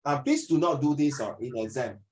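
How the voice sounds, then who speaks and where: A man's voice: brisk, a little hiss or hum. A Singaporean man tutoring students in a casual, joking lesson, teasing them and mixing languages as he talks. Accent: Singaporean English. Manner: animated, teasing, mixes languages, lively pitch swings.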